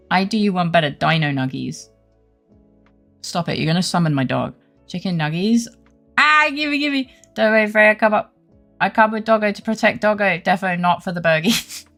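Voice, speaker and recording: A woman's voice: lowish voice, vocal fry. A young adult woman streaming a game, chatting casually with her live chat; playful and giggly, and she swears freely.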